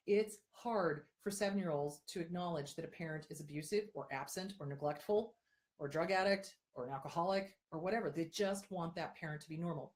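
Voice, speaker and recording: Hosting a live-stream advice talk, a woman answers viewer questions emphatically and repeats herself a lot, occasionally putting on mocking voices to imitate other people. Her voice is fairly low, darkish and husky.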